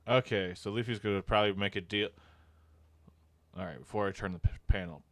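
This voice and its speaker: Low-voiced man riffing on a stream. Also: fairly quick, a bit bright, no room sound. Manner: reads panels aloud and reacts with loose, profane commentary. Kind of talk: casual live-stream reaction and reading aloud.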